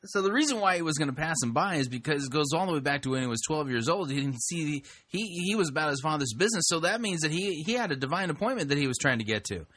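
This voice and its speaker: A man's voice: fairly high pitch, expressive, quick pace, hardly any pauses, fairly bright tone, no echo. A man commenting sarcastically on sermon clips, mocking and incredulous. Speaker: sermon reviewer.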